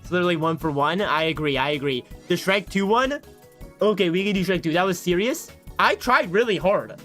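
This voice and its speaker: A man's voice: sits high, lively intonation, a little fast, pushed and bright, faint music behind. A man livestreaming in casual chat, talking to his viewers in a self-mocking way from his home setup into a desk microphone. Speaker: streamer.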